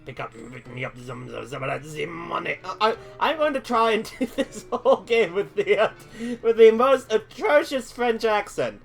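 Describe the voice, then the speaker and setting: A man giving casual let's-play commentary, chatting to himself as he plays and breaking into excited bursts. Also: high voice, moderate pace, creaky, hardly any pauses, faint music behind. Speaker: gamer streaming a playthrough.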